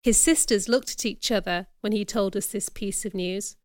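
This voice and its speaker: A woman reading a first-person audiobook chapter as narrator, in clear, measured storytelling. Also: mid-range voice, a little mellow, no room sound, clean studio sound.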